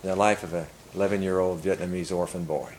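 An older man preaching, telling a story earnestly and rising to loud emphasis. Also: low voice, steady tone, brisk, slight background noise, low-quality recording. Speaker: pastor. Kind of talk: sermon storytelling.

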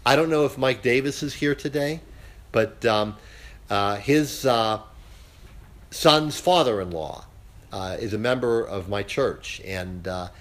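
A man leading a casual Bible study class, speaking haltingly with many filler sounds. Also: mid-range voice, lively intonation, fairly bright tone.

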